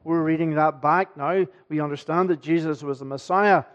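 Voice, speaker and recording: Man, a pastor preaching in church; emphatic, questioning delivery, slightly high pitch, dull lo-fi sound. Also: steady tone, moderate pace. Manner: earnest, emphatic, asks the congregation rhetorical questions. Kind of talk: sermon.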